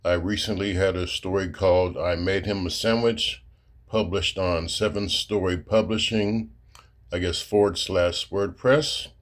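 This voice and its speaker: A man with a deep, low voice tells a joke on his own channel. He is laid-back and casual and drops in filler words as he goes. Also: fairly even intonation, unhurried. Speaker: writer and channel host.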